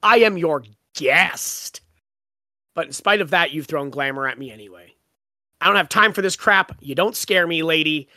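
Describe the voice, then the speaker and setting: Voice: mid-range voice, moderate pace, sharp tone, dry recording, clean studio sound, close to an everyday voice. A podcast host reading the lines of a blunt, fed-up young male wizard with firm, clipped warnings. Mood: defiant.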